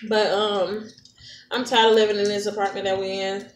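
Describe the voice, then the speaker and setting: A woman hosting a mukbang, chatting casually and slowly with slang while she eats. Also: medium pitch. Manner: relaxed, drawn-out casual talk with slang. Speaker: mukbang host. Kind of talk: casual chat while eating. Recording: echoey room, mic far off, noisy.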